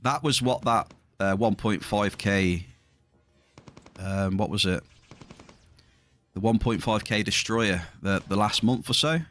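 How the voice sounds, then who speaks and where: A man's voice: on the low side, slow pace, long pauses, fairly bright tone. A middle-aged man chatting casually to viewers during a livestream, rambling, his voice slightly strained. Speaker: livestreaming gamer.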